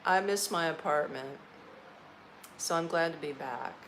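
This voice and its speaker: A tired Orlando, Florida vlogger chats on a live stream from her apartment, eating as she goes, laughing a lot and leaning on folksy slang. She has a low, slightly bright voice and a measured pace, and the low-quality recording carries slight background noise.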